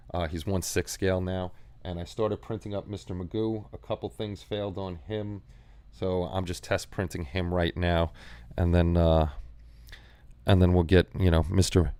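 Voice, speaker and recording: Male livestream host, low smooth voice, rambling casual chat with viewers, dry close sound. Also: a little mellow, no room sound. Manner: rambling, repeats words, reads chat aloud.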